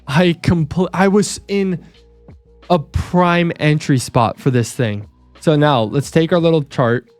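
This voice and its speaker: A young man walking through trading charts on screen, excitable and self-mocking, repeating himself as he talks. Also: fairly high pitch, slow, faint music behind. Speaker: trading video host. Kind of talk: screen-share chart walkthrough.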